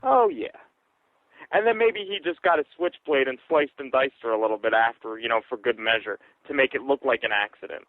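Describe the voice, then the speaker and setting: A man's voice: medium pitch, expressive, fast talker, few pauses, no room sound. A man co-hosting a casual movie review chat, blunt and joking crudely. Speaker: podcast co-host. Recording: tinny, lo-fi and dry.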